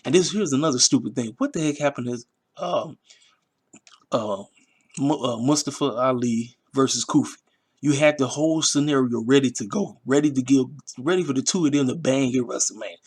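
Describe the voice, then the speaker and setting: A man's voice: medium pitch, normal speed, a little mellow, breathy edge. Emphatic, rambling man reviewing wrestling. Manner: rambling, emphatic and repetitive, with slang. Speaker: wrestling review channel host. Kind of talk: casual commentary.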